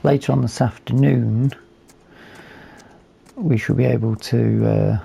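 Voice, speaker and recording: A man talks through his game at an easy, unhurried pace, pausing often with ums and ahs. His voice is hoarse and fading, with a heavy gravelly fry. The tone sits low and mellow rather than bright. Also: steady tone. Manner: unhurried, thinking aloud with fillers. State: losing his voice. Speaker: gaming video host. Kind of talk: relaxed game commentary.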